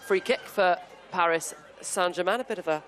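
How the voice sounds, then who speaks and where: Woman doing play-by-play on a football match, quick and jokey, faint crowd. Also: lowish voice, soft background music. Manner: brisk, jokey asides. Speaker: play-by-play commentator. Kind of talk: live football commentary.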